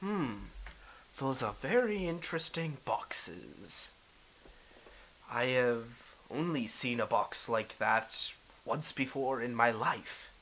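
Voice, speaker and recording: A man voicing a scheming feudal lord in a tabletop role-play game, with slow, measured speech and amused laughs. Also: mid-range voice, animated, a bit bright, a little hiss or hum, rough recording. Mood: smug. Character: scheming male feudal lord, smug and confident.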